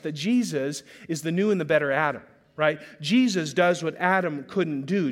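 A man preaching a sermon as pastor, earnest, with frequent restarts and slow, drawn-out emphasis. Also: on the high side.

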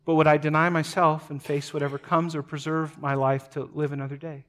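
Dramatic preacher man, rising and hushing. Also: level tone, a little fast. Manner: dramatic, swings from loud emphatic passages to quiet low asides; repeats words as he speaks. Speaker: pastor. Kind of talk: sermon.

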